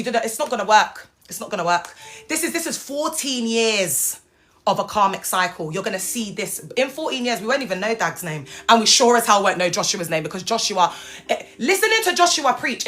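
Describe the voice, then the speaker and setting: A woman's voice: medium pitch, sharp tone. A young woman hosting an unscripted livestream, mocking and taunting viewers and swinging between mock-proper speech and street slang. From United Kingdom. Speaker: livestream host. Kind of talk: unscripted live commentary.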